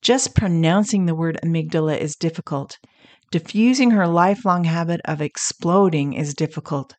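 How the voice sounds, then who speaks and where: A woman hosting a counseling podcast, calmly teaching and telling stories about clients. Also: low-pitched, moderate pace, dry recording. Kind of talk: scripted teaching talk with stories.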